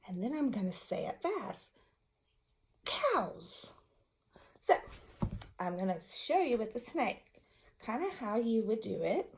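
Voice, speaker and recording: A woman's voice: fairly high pitch, big pitch swings, dark tone. A woman teacher patiently explaining reading strategies to young children and their parents. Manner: slow, patient, demonstrative explanation.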